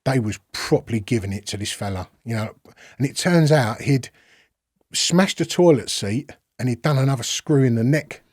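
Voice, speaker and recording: A man's voice: mid-range voice, moderate pace, no room sound, studio quality. A man, a podcast guest telling a rambling story that is full of swearing and acted-out dialogue. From London. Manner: rambling, swears freely, acts out quoted exchanges. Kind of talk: casual storytelling.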